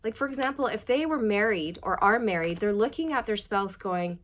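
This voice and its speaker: A woman gives a casual tarot reading, talking straight to her audience. She is chatty and warm in tone, often stacking rhetorical questions as she works through the cards. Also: mid-range voice, animated, brisk. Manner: chatty, addresses viewers directly, frequent rhetorical questions. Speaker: tarot reader.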